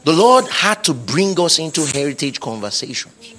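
A man preaching a sermon as pastor, repeating phrases and building to shouted climaxes. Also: on the high side, big pitch swings, normal speed.

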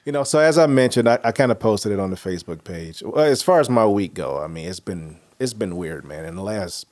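A man hosting a podcast in casual chat, telling animated, profane stories and opinions. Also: on the low side, brisk. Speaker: podcast host.

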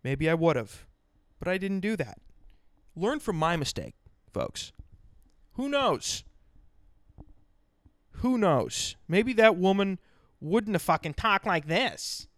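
A man's voice: high-pitched, very animated, measured pace, dry recording. A man hosting a podcast, ranting bluntly and sarcastically, swearing constantly. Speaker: podcast host. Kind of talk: profane ranting monologue.

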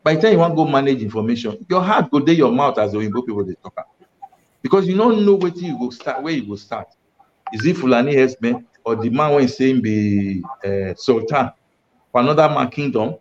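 A man's voice: medium pitch, a little fast. A man from Edo State, Nigeria, with a Nigerian accent, a guest recounting his time as a state information official and acting out quoted speech. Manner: animated storyteller, acts out quoted speech. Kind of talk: storytelling in Nigerian Pidgin. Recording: muffled, dull audio.

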